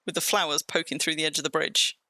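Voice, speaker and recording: A woman with a southern English accent chats away on a live stream as she games, her tone bright and forward. She rambles from one thought to the next and often restarts a sentence midway. The sound is dry and close, with no room around it. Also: low-pitched, fairly even intonation, quick pace, no echo. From England. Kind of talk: casual live-stream chat while gaming.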